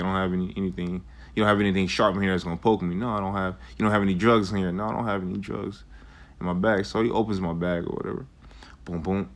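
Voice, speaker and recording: A young man telling a rambling, profane personal story in a casual way, with lots of fillers. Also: fairly low pitch. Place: Arizona.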